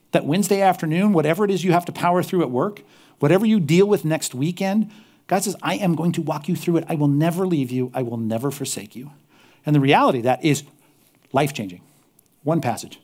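A male pastor preaching a sermon, reading scripture aloud with lively swings between loud emphasis and quiet intensity. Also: on the high side.

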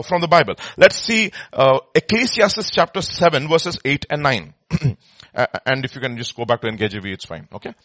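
A man's voice: a little high, no room sound. Emphatic man teaching the Bible. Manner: emphatic, repeats words, swings in loudness.

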